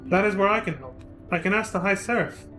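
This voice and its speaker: A man's voice: high voice, lively intonation, fast talker, bright, forceful tone, faint music behind. A man reading the lines of a frail young woman from a game, earnest and solemn. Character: frail young woman, sister, eerie and yearning. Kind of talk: reading game dialogue aloud.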